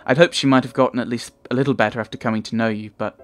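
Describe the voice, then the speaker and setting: A man voicing a calm, polite young woman with a received pronunciation accent, who sounds tired. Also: mid-range voice, racing, soft background music, natural voice.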